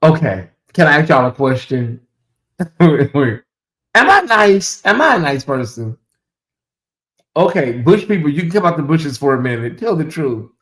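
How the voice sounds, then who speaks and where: Middle-aged male streamer, slightly high voice, playful and chatty, roomy echo. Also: a little slow. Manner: animated, teasing, talks straight to chat. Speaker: livestream host. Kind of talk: casual livestream chat. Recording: echoey room.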